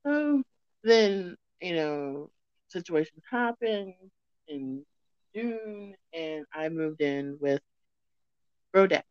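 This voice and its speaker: A woman's voice: fairly low pitch, animated, drawn-out words, long pauses, a little mellow, clean tone, no room sound. A woman telling a long story in a rambling, chatty way during a casual podcast chat. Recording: dull lo-fi recording.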